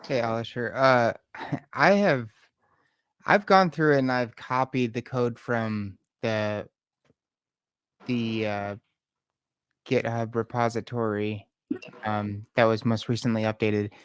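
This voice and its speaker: A man's voice: medium pitch, fairly even intonation, takes it slowly, long pauses, fairly bright tone, clear, resonant tone. A man in a live class asking a hesitant question about his code. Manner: hesitant, with fillers. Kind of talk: casual question.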